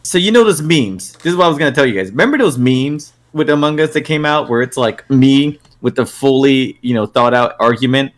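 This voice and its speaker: A young man hosting a casual podcast among friends. He tells stories in an animated way, slips into quick impressions of his friends and laughs often. His pitch sits in an ordinary middle range. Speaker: podcast host. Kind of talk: casual chat.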